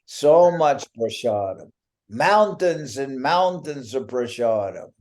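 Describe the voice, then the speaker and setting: A man's voice: medium pitch, very animated, darkish tone. A man, a spiritual teacher, chatting and joking with devotees over a video call, teasing them and drawing out his punchlines. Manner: playful teasing, drawn-out punchlines. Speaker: spiritual teacher giving a talk.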